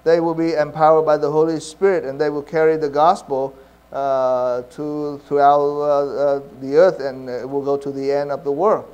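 Halting, earnest male preacher. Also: fairly high pitch, flat delivery, a little mellow, clean tone, dull audio. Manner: halting, many fillers and restarts. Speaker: pastor. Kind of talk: sermon.

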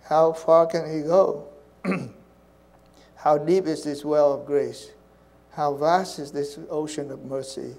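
A man preaching a sermon in an earnest way, repeating phrases and dropping to soft, hushed tones. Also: a little high, fairly even intonation, slow, long pauses, low-quality recording.

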